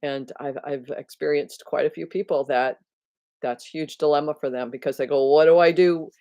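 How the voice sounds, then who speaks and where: A woman's voice: rumbling low, steady tone, normal speed, warm tone, no echo. A woman hosting her own videos on spirituality, talking casually and reflectively to her viewers, thinking aloud with restarts and often laughing at herself. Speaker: spiritual teacher and video host.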